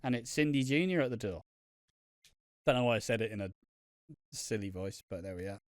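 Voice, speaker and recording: A man co-hosting a casual podcast, reading out viewer comments in a relaxed, sweary way. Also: fairly low pitch, dry recording, studio quality. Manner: relaxed, swears casually, reads aloud at a quick clip. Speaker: podcast co-host.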